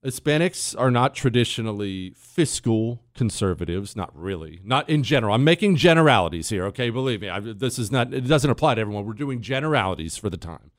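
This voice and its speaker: In a radio studio, a middle-aged American host fires off an opinionated, sarcastic monologue, combative and rambling with restarts and asides. His lowish voice is animated and brisk, with hardly any pauses, and the recording is dry and clean.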